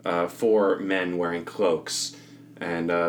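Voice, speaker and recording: A man's voice: deep voice, flat delivery, takes it slowly, slight background noise. A man narrating as game master of a tabletop role-playing podcast, casual and self-correcting.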